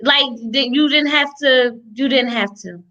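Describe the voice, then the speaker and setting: A woman co-hosting a casual live-stream chat, expressive and quick to laugh. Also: high-pitched, highs cut off. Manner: laughs often, conversational and expressive.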